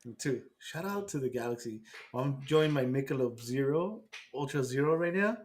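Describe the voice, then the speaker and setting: A man co-hosting a podcast in casual chat, excitable and swearing now and then. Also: medium pitch, fairly quick, a little hiss or hum. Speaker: podcast co-host.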